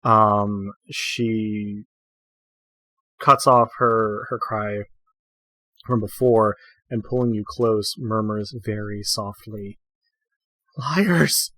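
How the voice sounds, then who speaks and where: A man's voice: on the low side, level tone, takes it slowly, long pauses, bright, forceful tone, no echo. A man narrating as game master for a tabletop role-playing game, describing scenes with frequent fillers.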